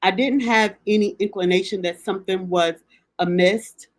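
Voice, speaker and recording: A middle-aged woman, hosting a grief recovery podcast. She speaks in a heartfelt, halting way, with many pauses and restarts, and sounds close to tears at times. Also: medium pitch, steady tone, no echo. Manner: halting, with frequent ums and restarts; emotional, near tears at times. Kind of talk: heartfelt personal address.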